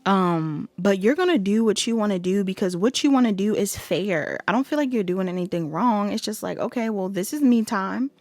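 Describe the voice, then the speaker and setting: A woman's voice: mid-range voice, animated, moderate pace, few pauses, darkish tone, no echo. Chatty young woman reading tarot. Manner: chatty, laughs often, drops into whiny quoted voices. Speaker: tarot reader.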